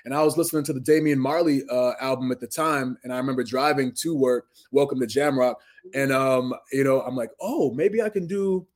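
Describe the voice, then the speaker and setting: A pro wrestler in his thirties from Massachusetts, USA, tells stories as a guest in a casual interview, earnest and full of restarts. His medium-pitched voice is fairly even in intonation and a little fast.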